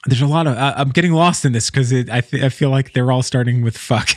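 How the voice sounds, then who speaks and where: A man talking casually about someone he knows from the music scene, halting and repeating words as he goes. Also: medium pitch, no echo, clean studio sound. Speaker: musician commenting on scene news. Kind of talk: casual spoken commentary.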